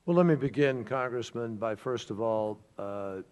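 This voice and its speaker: A government official testifying at a committee hearing, answering in a measured way with fillers and restarts. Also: male voice, medium pitch, darkish tone, clean tone. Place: congressional hearing room. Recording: long reverb of a hearing room.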